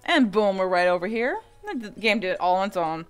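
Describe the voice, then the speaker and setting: A woman's voice: medium pitch, sing-song, fairly quick, hardly any pauses, clear, resonant tone. A woman hosting a let's-play, chatting casually and joking through the game. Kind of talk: casual gameplay commentary. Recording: faint game music behind.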